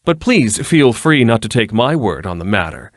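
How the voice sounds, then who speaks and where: A man reads an audiobook, voicing a foppish young nobleman with a lazy, teasing drawl. His voice is fairly low in pitch but pitched above his own natural voice here, and very animated at a moderate pace. The sound is clean studio audio with no room sound.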